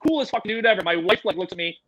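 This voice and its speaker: A man telling animal-handling stories in a casual, animated, profane way. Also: sits high, very fast, no room sound, poor audio. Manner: animated, profane, acts out quotes.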